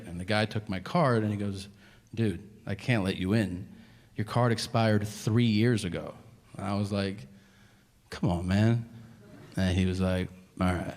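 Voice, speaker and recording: A male stand-up comedian telling a story on stage, profane and conversational, acting out the voices of the people in it. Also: fairly low pitch. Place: large hall before a live audience. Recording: live stage recording in a reverberant hall. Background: audience laughter and ambience.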